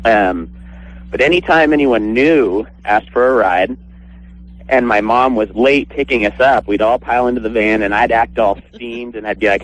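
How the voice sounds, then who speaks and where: A man's voice: medium pitch, normal speed, a little hiss or hum, rough recording. A man calling in to a radio show, telling a story in a laid-back, amused way. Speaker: caller.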